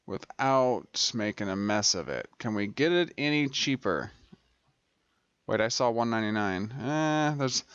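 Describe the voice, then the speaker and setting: A man's voice: mid-range voice, fairly bright tone, dry recording. Male gaming host, casual rambling commentary, dry close sound, slightly dull mic. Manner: rambling, many fillers and restarts. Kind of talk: casual let's-play commentary.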